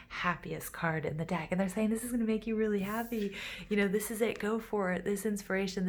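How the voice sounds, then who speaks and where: A woman giving a casual tarot reading to her viewers, gushing and excitable, full of fillers and a little out of breath. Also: fairly low pitch. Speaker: tarot reader.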